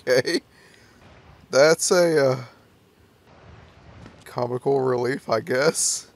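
A man's voice: mid-range voice, slow, vocal fry, pauses often, slight background noise. A young man playing a horror game and commenting on it, nervous and jumpy, laughing off the scares. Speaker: let's play gamer.

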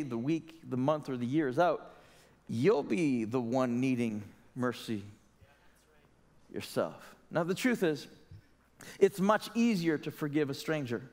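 A man's voice: a little high, lively intonation, a little slow, a little mellow. Earnest male pastor preaching in an echoing church. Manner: earnest, conversational preaching with emphatic rhetorical questions. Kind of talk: sermon. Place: church sanctuary.

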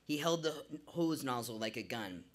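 A man's voice: medium pitch, lively intonation, moderate pace. A man performing a live true story on a small venue stage, narrating vividly and theatrically into a stage microphone.

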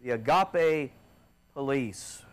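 A man preaching a fiery sermon, dropping to low murmurs and then rising to shouts. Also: lively intonation, slow pace, smooth. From United States.

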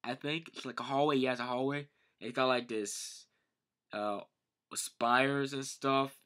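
A man chats through a manga chapter in a loose, rambling way, leaning on "like" and restarting sentences. His voice is mid-pitched with a bright, forceful edge. He sounds eager and unscripted. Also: fairly even intonation, measured pace. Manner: rambling, enthusiastic, heavy use of "like". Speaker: manga reviewer. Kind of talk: casual manga commentary.

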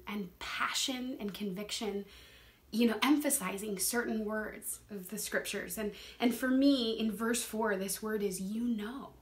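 Young woman, scripture lesson, conversational and earnest, laughs easily, slightly high voice. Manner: earnest, conversational, laughs often, repeats words. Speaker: Bible study teacher. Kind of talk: casual scripture teaching.

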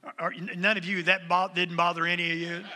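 A middle-aged pastor preaches a sermon in a church sanctuary, his high voice delivered flat and a little fast with a bright, forceful tone. He talks conversationally and calls out "come on" to the congregation. The recording carries long hall reverb and slight background noise.

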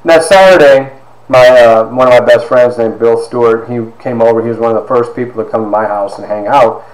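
A man in his fifties giving a personal testimony, halting with fillers and acting out quoted dialogue. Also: mid-range voice, fairly even intonation, crowd noise. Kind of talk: personal storytelling talk. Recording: roomy echo.

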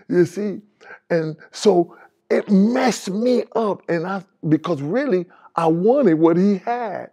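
A man's voice: high voice, expressive, takes it slowly, mellow, husky. A man giving his spoken testimony as a preacher, candid and plainspoken with street phrasing, rising animatedly when he retells conversations.

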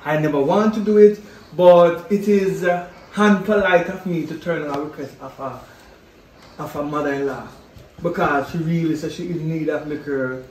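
A man's voice: a little high, normal speed, a little mellow, close to an everyday voice. A man with a Jamaican accent playing a boyfriend who rambles through excuses in patois, in a Jamaican film. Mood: sheepish. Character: sheepish Jamaican young boyfriend. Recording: echoey room, distant mic, faint noise.

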